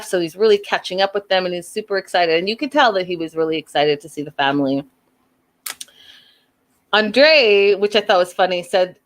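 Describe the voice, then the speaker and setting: Woman host, slightly low pitch, animated opinionated recap commentary. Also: a little fast. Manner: animated, opinionated, acts out quotes. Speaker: show host reviewing reality TV.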